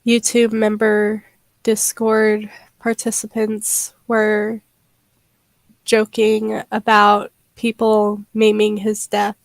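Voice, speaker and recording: Soft, slow-talking young woman streamer. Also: medium pitch, completely flat delivery, gravelly, dry recording. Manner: halting, soft-spoken, many fillers. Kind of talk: casual livestream chat.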